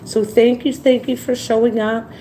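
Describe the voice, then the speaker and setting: A woman's voice: on the high side, little pitch movement, moderate pace, dark tone, a little hiss or hum, rough recording. A tired woman hosting a casual live stream, rambling between topics and reading viewer comments aloud. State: tired after crying.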